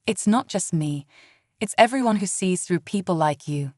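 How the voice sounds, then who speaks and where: A woman's voice: fairly low pitch, animated, normal speed, no room sound, clean studio sound. A woman narrator voicing a resentful woman flight attendant, speaking with hostility. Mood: hostile. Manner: tense, hostile.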